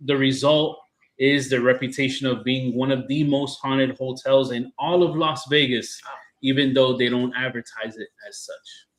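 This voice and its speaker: A man's voice: medium pitch, fairly even intonation, normal speed, rough recording. A man co-hosting a paranormal talk show, explaining things casually with many ums and uhs. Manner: easygoing, filler-laden. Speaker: co-host. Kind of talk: casual chat.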